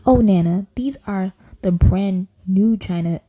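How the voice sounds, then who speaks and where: A woman's voice: medium pitch, measured pace, mellow, natural voice. Woman doing a gushing prim little girl.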